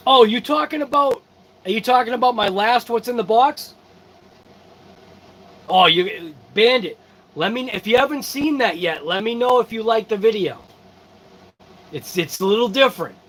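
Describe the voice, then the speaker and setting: A man's voice: extremely high pitch, expressive, moderate pace, long pauses, a bit bright, rough recording. A man hosting a hobby channel, chatting casually and sleepily with viewers, yawning and laid-back. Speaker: RC channel host. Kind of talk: casual live-stream chat.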